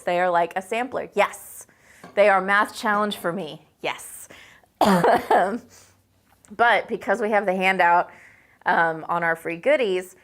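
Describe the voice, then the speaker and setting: A woman's voice: mid-range voice, fairly bright tone. A woman hosting a live chat in a chatty, upbeat way, reading out viewer comments and rambling on with lots of "you know" and "like" while a quilt hangs behind her indoors. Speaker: host.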